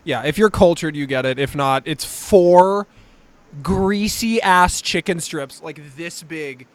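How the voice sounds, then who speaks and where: A young man co-hosting a comedy podcast, excitable and crude, peppering his talk with "dude". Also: fairly high pitch, slow pace, no room sound. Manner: excitable, swears a lot, says "dude" often. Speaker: podcast co-host. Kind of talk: casual comedic banter.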